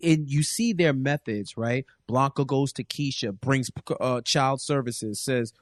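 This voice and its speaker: A man co-hosting a casual TV recap show, telling the plot in an animated way and acting out the characters' lines. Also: mid-range voice, a little slow, dry recording, studio quality. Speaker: podcast co-host.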